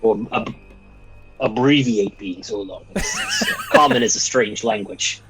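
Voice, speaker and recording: A man's voice: medium pitch, wildly swooping pitch, unhurried, over music, low-quality recording. A man playing a tabletop game, blunt and joking. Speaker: player. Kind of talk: tabletop game play, casual chat.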